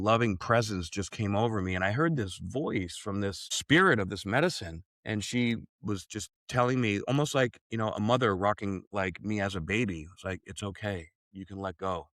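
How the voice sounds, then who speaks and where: A man's voice: lowish voice, a bit bright, dry recording. A man speaking as a podcast guest, telling his story in an earnest, reflective way, with frequent "like" and "right?" in his casual speech.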